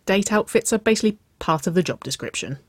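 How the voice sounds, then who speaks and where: A reader voicing a young woman who plays the wry, teasing big sister, often in a soft murmur. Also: mid-range voice, animated, fast, dry recording, pitched above the performer's own voice, close to an everyday voice.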